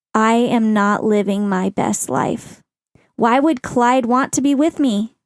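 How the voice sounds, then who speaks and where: Middle-aged woman talking real slow and earnest, kinda high voice, reflective podcast monologue. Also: darkish tone, clean tone, no echo, studio quality. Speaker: podcast host. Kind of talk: personal monologue.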